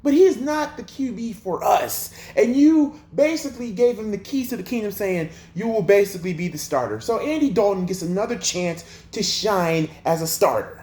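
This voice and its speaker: A man's voice: sits high, animated, moderate pace, few pauses, darkish tone, reverberant. A man hosting a sports livestream, ranting in an exasperated, profane way with lots of rhetorical questions. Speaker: sports channel host.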